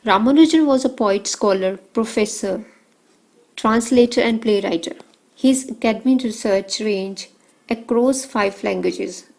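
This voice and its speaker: A woman teacher working through exam questions, reading out options and answers in short measured phrases. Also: mid-range voice, poor audio.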